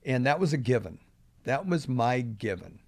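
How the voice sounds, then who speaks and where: A man's voice: mid-range voice, lively intonation, normal speed, no room sound. An older man, a podcast guest, telling a personal story earnestly and with emphasis at key moments.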